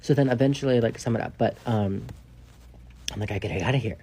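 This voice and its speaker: Gravelly rambling man telling a story. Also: lowish voice, quick pace. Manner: rambling, profane, heavy use of "like"; drops to a hushed whisper for asides. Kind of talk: casual storytime.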